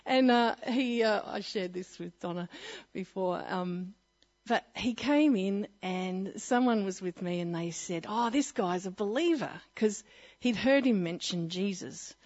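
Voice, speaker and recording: A woman's voice: mid-range voice, measured pace, darkish tone, lo-fi sound. A woman giving a personal testimony and Bible teaching, telling her story in a chatty way with frequent laughs and fillers.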